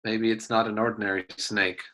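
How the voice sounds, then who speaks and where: A man voicing a cautious adventurer in a tabletop game, speaking in a thoughtful, low-key way. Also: little pitch movement, a little fast, pushed and bright, slight background noise. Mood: wary. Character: cautious adventurer musing about a snake.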